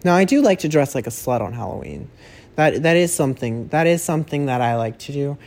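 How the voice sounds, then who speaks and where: A man's voice: fairly high pitch, animated, a little fast, a little mellow. A young man rambling through a casual solo monologue as a podcast host, chatty and self-correcting, swearing freely. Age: young adult.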